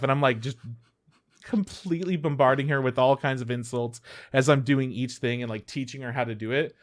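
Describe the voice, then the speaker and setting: A young man chatting casually as a podcast co-host. He tells stories with energy, swears freely and acts out what people said. His voice sits at an ordinary middle pitch. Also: a little fast. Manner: animated storyteller, acts out quotes, swears freely. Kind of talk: casual chat.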